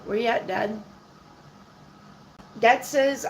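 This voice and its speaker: A woman giving casual live-stream tarot readings. She answers viewers' questions out loud and keeps checking in with "okay?", clearing her throat now and then. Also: a little high, fairly even intonation, takes it slowly, a little hiss or hum, low-quality recording. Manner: chatty, checks in with "okay?" and "all right?" often; reads viewer questions aloud and answers them. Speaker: tarot reader.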